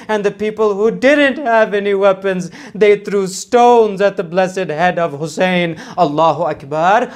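A man reciting a mourning elegy in a sermon, with mournful, dramatic storytelling and drawn-out invocations. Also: a little high.

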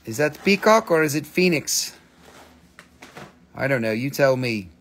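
A man hosts a live stream selling stones, chatting casually and jokingly, swearing freely and tossing in silly voices. His mid-range voice is fairly bright with lively intonation at a measured pace, and there's a little hiss or hum.

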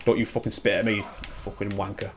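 A man in his twenties chatting casually and excitedly while playing through a game, swearing freely and wandering into asides. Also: lowish voice, quick pace, background noise. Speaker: gaming YouTuber. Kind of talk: live speedrun commentary.

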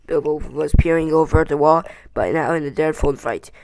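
A home reader reading a fantasy novel aloud, often stumbling, restarting words and filling pauses with "um". The delivery is unpolished and amateur. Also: medium pitch, creaky, a little mellow, poor audio. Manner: stumbling, frequent restarts and fillers.

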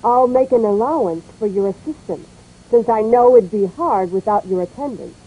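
In a muffled recording, a woman with a fairly high voice reads lines from a scripted English pronunciation drill at a normal speed. She speaks clearly and says every word and sentence twice.

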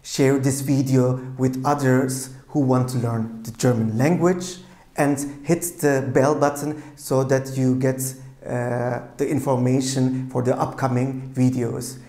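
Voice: mid-range voice, fairly even intonation, unhurried, warm tone, roomy sound. A language teacher giving a patient lesson, explaining carefully and repeating each phrase several times.

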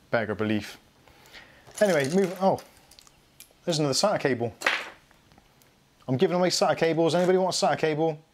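A man's voice: medium pitch, slight background noise. A middle-aged man hosting a live tech stream, rambling and self-mocking as he goes through his tools. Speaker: tech channel host. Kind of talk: casual live unboxing chat.

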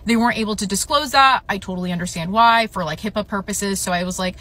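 Young woman, storytime vlog, shaken and talky, lots of filler words, bright, forceful tone. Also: mid-range voice, quick pace. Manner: upset, telling a personal story with many "like" fillers.

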